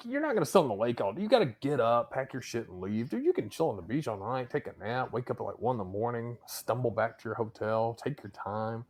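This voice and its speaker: Laid-back man saying "man" a lot. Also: medium pitch. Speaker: podcast co-host. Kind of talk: casual podcast chat.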